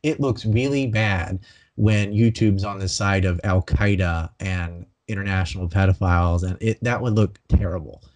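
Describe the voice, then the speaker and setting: A man guest in a casual interview, telling his story in an animated, rambling way with many restarts. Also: low-pitched, moderate pace. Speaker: banned video creator.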